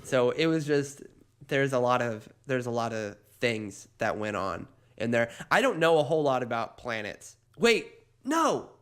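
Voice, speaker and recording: A man co-hosting a comedy podcast in casual chat, animated and laughing often mid-sentence as he tells playful stories. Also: medium pitch, a little slow, smooth. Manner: playful storytelling. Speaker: podcast co-host.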